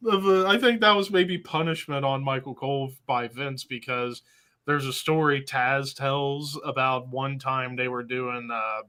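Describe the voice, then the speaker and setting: Bright-voiced man chatting about wrestling. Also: medium pitch, unhurried, smooth. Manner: animated storyteller, acts out quotes. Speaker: host. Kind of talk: casual chat.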